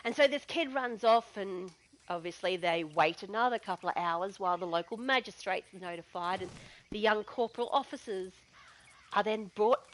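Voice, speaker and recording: A woman's voice: medium pitch, low-quality recording. Chatty Aussie woman telling a yarn. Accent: Australian. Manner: chatty, digressive. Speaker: gaming vlogger. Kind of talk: casual storytelling.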